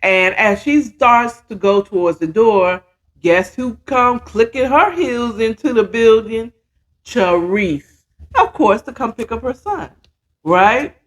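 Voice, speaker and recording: This is a podcast host telling a story in a relaxed, gossipy way. The pace is slow and drawn out, and the pitch sits in a middle range. They keep it casual and full of slang. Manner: chatty, slangy, voices the characters' lines.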